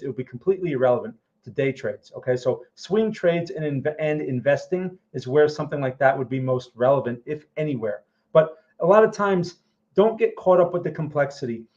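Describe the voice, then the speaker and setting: A man's voice: fairly high pitch, a little mellow. A man hosting a live trading stream, explaining charts in a casual way and often checking in with "okay?" and "right?". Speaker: trading livestream host. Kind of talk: casual live market commentary. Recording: muffled lo-fi audio.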